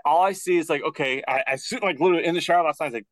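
A young man co-hosting a podcast, telling a casual story and acting out quotes with rising pitch. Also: rapid-fire, a bit bright, dry recording. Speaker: podcast co-host. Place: closet at home.

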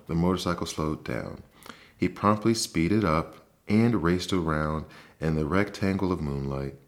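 A man calmly reading a bedtime story aloud as the host of a sleep podcast. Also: deep voice.

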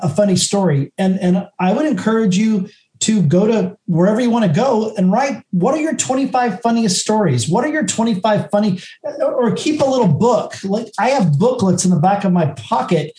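A man's voice: sits high, warm tone. A man on a panel giving earnest, encouraging advice to preachers. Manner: earnest and encouraging, with many restarts. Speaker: speaker and video maker. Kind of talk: casual panel chat. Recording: roomy echo.

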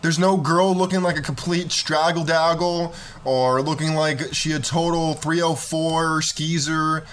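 A man's voice: fairly high pitch, steady tone, a little slow, fairly bright tone. Slangy young man reacting to old films. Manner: laid-back, slangy, joking. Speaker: reaction video host. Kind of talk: casual commentary.

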